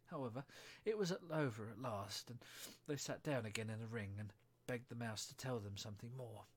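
A man reads a children's storybook aloud at an even, measured pace. His delivery is gently expressive, and his voice carries a husky grain. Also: mid-range voice. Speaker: reader.

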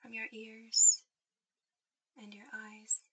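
A woman speaking in a soft, intimate whisper, guiding the listener toward sleep in a whispered role-play. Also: a little high, completely flat delivery, very slow, noisy background. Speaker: ASMR performer.

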